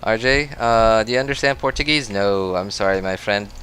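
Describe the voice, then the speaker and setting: A man's voice: on the low side, moderate pace, fairly bright tone, smooth. A Filipino man with an American accent, streaming gameplay and chatting with his viewers. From Philippines. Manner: chatty, reacts aloud and answers chat. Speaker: game streamer. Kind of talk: gameplay livestream commentary.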